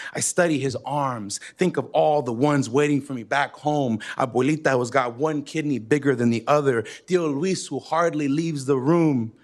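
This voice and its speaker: A man performing a spoken word poem with rhythmic, emphatic delivery, slipping in Spanish phrases. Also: on the high side. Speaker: poet.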